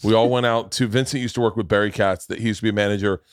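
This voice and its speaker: A man's voice: fairly low pitch, fairly even intonation, rapid-fire, dry recording, studio quality. A man from Florida hosting a podcast, telling a story in a loose, profane, rambling way. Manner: rambling, profane, self-interrupting. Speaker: podcast host. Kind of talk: casual storytelling chat.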